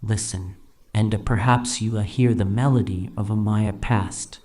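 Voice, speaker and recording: A wistful old Italian man from a fantasy game, as an AI voice plays him, with an Italian accent and a sing-song lilt that rises and falls. He speaks slowly and deeply in a mellow, dark tone. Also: fairly even intonation, natural voice.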